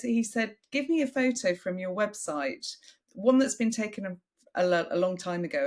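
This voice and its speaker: A woman hosting a podcast interview in a casual, animated chat. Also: mid-range voice. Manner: animated, breaks into lively acted-out quotes. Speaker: podcast host.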